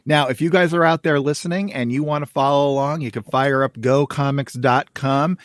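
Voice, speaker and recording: A man's voice: medium pitch, steady tone, moderate pace, hardly any pauses, no room sound, clean studio sound. A man hosting a podcast who welcomes listeners and reads comic strips aloud panel by panel in a friendly, casual way. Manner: friendly, welcoming, talks through each panel. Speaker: podcast host.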